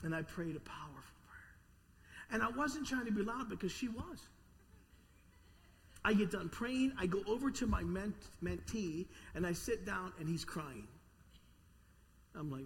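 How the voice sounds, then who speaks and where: A man preaching a sermon to his congregation, telling a story in an animated way, sometimes stammering and repeating words. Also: high voice, moderate pace, long pauses, slight background noise. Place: large church hall with an audience. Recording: long reverb of a church hall.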